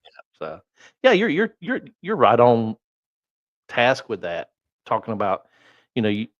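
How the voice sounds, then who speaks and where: A man's voice: medium pitch, very animated, measured pace, no room sound, highs cut off. A man guest on a podcast with a Southern US accent, chatting casually in a laid-back way and telling anecdotes. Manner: laid-back, short agreeing replies, anecdotes.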